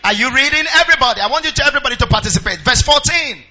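A man's voice: extremely high pitch, lively intonation, very fast, sharp tone, highs cut off. A Nigerian pastor preaching a sermon. He half-sings scripture verses in a sing-song chant and calls out to his congregation.

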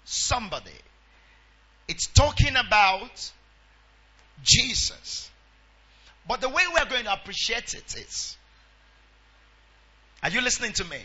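A man's voice: very high-pitched, pushed and bright, highs cut off. A Nigerian pastor preaching a sermon. He half-sings scripture verses in a sing-song chant and calls out to his congregation.

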